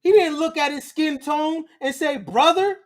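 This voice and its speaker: A man with a notably high voice, lecturing in blunt, emphatic street slang. He drives each point home forcefully, and his delivery stays casual throughout. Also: fairly even intonation, moderate pace. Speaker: host. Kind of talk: lecture-style commentary.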